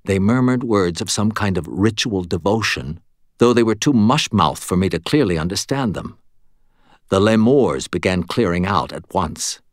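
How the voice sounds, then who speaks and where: A man reading a first-person novel aloud, telling the story in a wry, steady way. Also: low voice, no echo, clean studio sound. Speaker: audiobook narrator. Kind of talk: first-person scripted narration.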